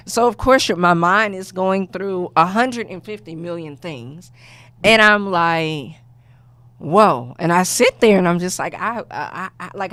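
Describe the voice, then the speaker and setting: A young adult woman on a podcast, telling a personal story in a casual, animated way and acting out what others said. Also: lowish voice, a little slow. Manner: animated storyteller, acts out quoted voices. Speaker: guest.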